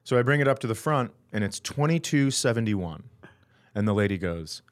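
A man's voice: on the low side, brisk. A man hosting a podcast, telling a comic story in a profane, indignant way. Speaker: podcast host. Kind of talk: comedic storytelling chat.

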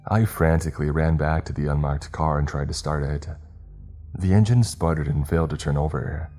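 A man narrating a first-person horror story in a steady, measured, scripted delivery. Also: rumbling low. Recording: faint music behind.

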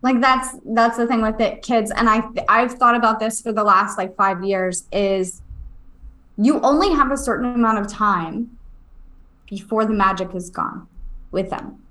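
A woman's voice: a little high, a little slow, fairly bright tone. A woman in her forties co-hosting a podcast, chatting candidly and getting teary. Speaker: podcast co-host. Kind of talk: casual chat.

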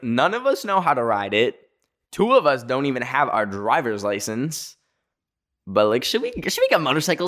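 A young man from North America tells a story in a loose, conversational way. His speech is full of fillers and quick asides, and he catches himself mid-sentence. His voice sits at an ordinary middle pitch. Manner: chatty, full of "like" fillers, jumpy self-corrections. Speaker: vlogger. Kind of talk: casual storytelling.

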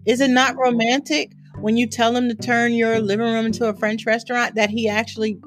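A woman speaking as a therapist on a podcast, telling stories in a lively way and laughing often. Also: a little high, fairly quick, faint music behind. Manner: animated storytelling with frequent laughter. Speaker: therapist guest. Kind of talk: podcast interview.

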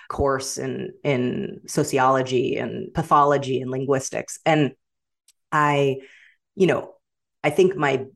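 A middle-aged woman with a general American accent, chatting as a guest author, animated and quick to laugh, often restarting her sentences. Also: extremely low pitch, gravelly. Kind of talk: casual interview chat.

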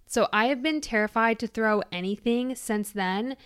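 Bright and smooth, this young woman's fairly high voice moves at normal speed as she hosts her own casual podcast. In her twenties and from Michigan, she gushes bubbily with lots of "like"s, captured at studio quality with no room sound.

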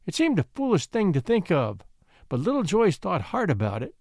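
A man narrating a classic storybook in an expressive, gently measured way. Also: high voice, no echo, clean studio sound.

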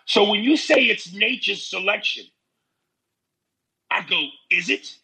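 A man in casual chat, telling stories in an animated, profane way. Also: sits high, measured pace, vocal fry, husky, low-quality recording.

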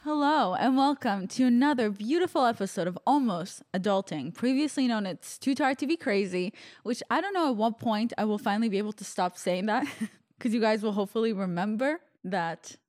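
A woman's voice: a little high, expressive, brisk, darkish tone, dry recording, studio quality. A young adult woman hosting a podcast, chatting in a candid, rambling, self-deprecating way. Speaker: podcast host. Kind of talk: casual confessional podcast chat.

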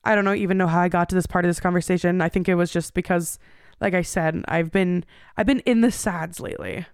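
Candid woman with a gravelly, smooth voice. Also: on the low side, fairly even intonation, fast talker, no room sound, clean studio sound. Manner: candid, rambling, frequent fillers and restarts. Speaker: podcast host. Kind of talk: personal storytelling monologue.

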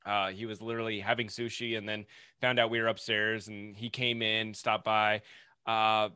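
Casting: man, podcast guest, bright voice, dry close sound, laid-back storyteller. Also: on the low side, moderate pace, clean tone, no echo. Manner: relaxed storytelling with filler words. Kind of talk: casual podcast chat.

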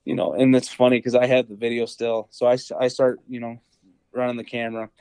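A man's voice: medium pitch, fairly even intonation, fairly quick, a little mellow, a little hiss or hum, rough recording. A young man, a podcast guest, telling a hunting story in a rambling casual way, full of fillers and acted-out quotes. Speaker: podcast guest, deer hunter.

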